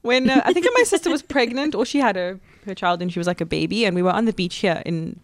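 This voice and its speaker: Fast, animated woman chatting. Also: no echo. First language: not English at home as a child. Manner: animated storyteller, mimics voices with big pitch jumps. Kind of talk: casual chat.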